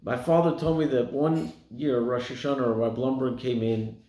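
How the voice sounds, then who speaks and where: In a warm tone with fairly even intonation and a moderate pace, a male American rabbi gives a storytelling sermon. He takes on the people in his tales, his pitch rising as he quotes them, and the space sounds echoey.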